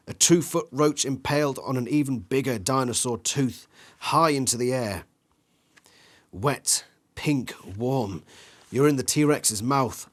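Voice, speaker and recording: Guy reading a gamebook out loud, does the crash and roar noises himself, stumbles on a word now and then. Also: mid-range voice. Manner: acts out sound effects and screams, some slips; breaks off to think aloud about choices. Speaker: channel host reading a gamebook aloud. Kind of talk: dramatic read-aloud of an interactive book.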